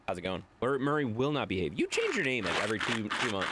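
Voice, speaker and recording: A man's voice: mid-range voice, huge pitch swings, quick pace, few pauses, very noisy. A man streaming live, chatting casually and rambling as he answers viewers' chat.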